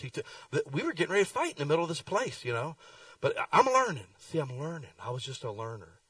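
A middle-aged man preaching a sermon, telling folksy stories with lively swings in his voice. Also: medium pitch, fast, no room sound, recorded from a distance, poor audio. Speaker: pastor. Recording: dry sound, speaker away from the mic.

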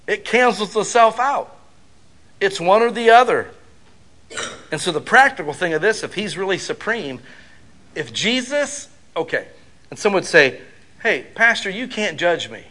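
Male pastor, middle-aged, bright tone; casual storyteller who builds into fervent sermon delivery. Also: high voice. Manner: conversational storytelling that builds to loud preaching.

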